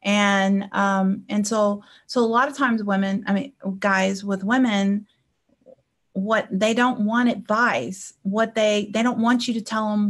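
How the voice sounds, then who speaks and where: Her mid-range voice is steady and a little slow. On a live stream, this woman life coach talks casually to viewers, telling personal anecdotes and pausing to check in with them.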